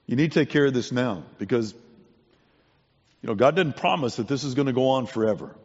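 A man's voice: mid-range voice, animated, a little fast. A man preaching a sermon to a congregation, earnest and conversational, often restarting his words. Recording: dull sound in a long-echo hall.

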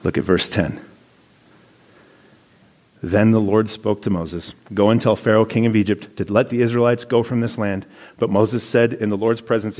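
A man's voice: fairly low pitch, steady tone, brisk, darkish tone. A man giving a sermon, reading scripture passages aloud and commenting on them in a conversational preaching tone. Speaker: pastor.

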